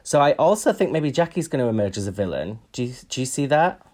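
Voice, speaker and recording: A man's voice: medium pitch, very animated, fast talker, a little mellow. Wry chatty man. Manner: chatty, wry, frequent ums. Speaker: podcast co-host. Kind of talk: casual chat.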